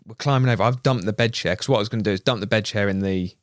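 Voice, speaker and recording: English man, low voice, dry close mic, chatty storyteller who mimics voices. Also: racing, no echo. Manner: animated anecdote teller, laughs, mimics voices. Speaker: videographer. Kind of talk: casual storytelling chat. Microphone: studio podcast mic.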